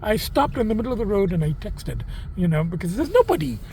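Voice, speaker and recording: A man's voice: high-pitched, very animated, fast, vocal fry, darkish tone, slight background noise. A man in a casual vlog telling a rambling story with swearing, talking into a handheld camera near his car on rural roads. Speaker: vlogger.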